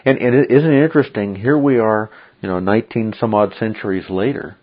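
A man's voice: on the low side, fairly quick. A man teaching a Bible study, emphatic and checking in with frequent "okay?"s. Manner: emphatic, repeats "okay?" often. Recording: dull lo-fi recording.

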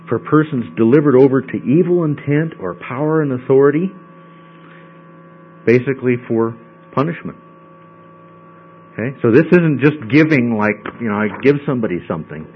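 Guy teaching bible class, chatty, keeps asking okay?, dull lo-fi sound with a faint hum. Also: mid-range voice. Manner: conversational, checks in with frequent "okay?". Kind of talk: Bible study lesson. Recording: dull lo-fi recording with mains hum.

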